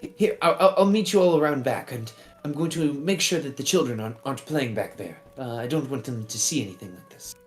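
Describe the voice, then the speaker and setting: A man's voice: mid-range voice, lively intonation, fairly quick, few pauses, roomy sound, soft background music, pitched above the performer's own voice, close to an everyday voice. A man voicing a flustered, kindly halfling mother who stammers and fusses. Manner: stammering, fussy, easily shocked.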